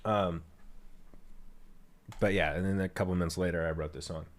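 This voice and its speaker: A man's voice: deep voice, fairly even intonation, moderate pace, noisy background. A young man streaming and talking casually about his own songs, candid and rambling, swearing freely. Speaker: streamer and musician. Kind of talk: casual livestream chat.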